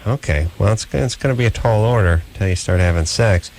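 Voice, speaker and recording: Joking around with a co-host and callers, this middle-aged late-night radio host riffs loosely and rambles through comic bits. His fairly low, slightly mellow voice is brisk with lively intonation, and there's slight background noise.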